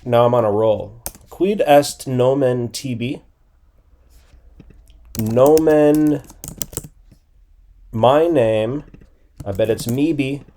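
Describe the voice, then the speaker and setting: A man's voice: on the low side, dark tone. A man in his forties teaching a casual lesson, thinking aloud and repeating phrases as he guesses them. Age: 40s. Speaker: language teacher. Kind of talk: casual screen-recorded lesson.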